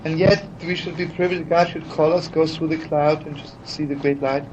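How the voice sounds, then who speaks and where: A man's voice: on the high side, fairly even intonation, brisk. A man telling stories in a heartfelt, chatty sermon, full of "you know" asides. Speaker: rabbi teaching. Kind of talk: storytelling sermon. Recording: dull archival recording with faint hiss.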